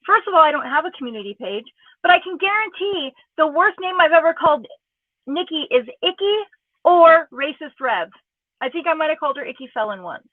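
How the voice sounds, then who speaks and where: A woman's voice: sits high, lively intonation, a little fast, no echo. A woman in her forties ranting angrily in casual, profane, sarcastic commentary as a YouTube commentator. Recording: tinny phone-like audio, dry.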